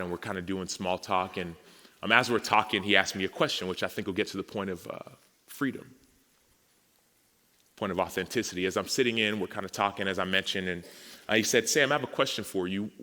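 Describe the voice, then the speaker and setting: A man's voice: sits low, fairly quick. A man, giving a personal testimony at a men's gathering and acting out the conversations he recounts. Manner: storytelling, acts out dialogue, grows emotional and animated. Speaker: speaker at a men's summit. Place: large hall with audience. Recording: reverberant hall.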